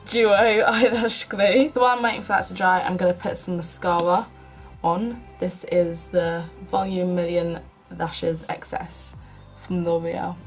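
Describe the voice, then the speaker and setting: A woman's voice: fairly low pitch, fairly even intonation, measured pace, soft background music, low-quality recording. A young woman from the UK chatting casually through a makeup tutorial, self-mocking and often half-muttering to herself. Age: young adult. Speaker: beauty vlogger.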